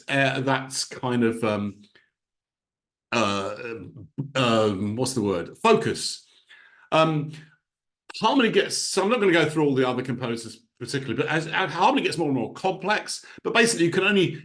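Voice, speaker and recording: Man musing aloud about music. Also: mid-range voice. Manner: thinks aloud, hums rhythms as da-da-da. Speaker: composer. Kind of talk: informal spoken lecture on music.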